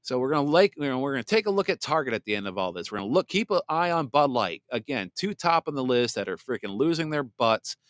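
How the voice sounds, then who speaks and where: A man hosting a political commentary podcast, blunt and sarcastic, reading viewer comments aloud and sometimes mocking others in a shrill put-on voice. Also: no room sound, studio quality. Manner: blunt and sarcastic, mocks voices in exaggerated falsetto. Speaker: podcast host.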